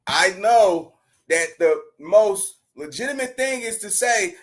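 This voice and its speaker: A man's voice: sits high, animated, slow pace. A man giving blunt, profane reaction commentary as a streamer, ranting casually to his viewers.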